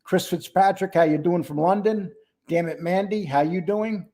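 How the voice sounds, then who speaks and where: A man's voice: high voice, normal speed, mellow. An older man hosting a casual livestream, greeting viewers by name and talking bluntly and mockingly. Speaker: livestream host.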